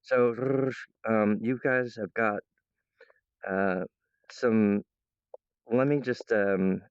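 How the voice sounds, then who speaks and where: A man at home in his kitchen drawls out his words in a lowish, clean voice as he rambles casually to the camera. He keeps restarting, wandering off on stray thoughts and slipping into silly voices. The sound is dull, without any room sound.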